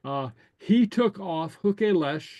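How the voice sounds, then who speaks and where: A man with a voice that sits high teaches a casual language lesson, moving slowly and hesitantly, saying "okay" often and chuckling softly as he models new words for students to repeat. No room sound is audible.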